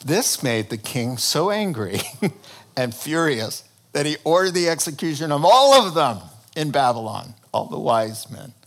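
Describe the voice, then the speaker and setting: A man preaching a sermon, telling the story in an animated, humorous way. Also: on the high side, measured pace, gravelly.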